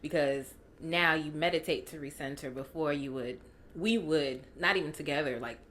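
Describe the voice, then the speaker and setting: A woman hosting a podcast, gently prompting her guest to share. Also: low voice, normal speed, slight background noise. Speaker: podcast host. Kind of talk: interviewing, casual chat.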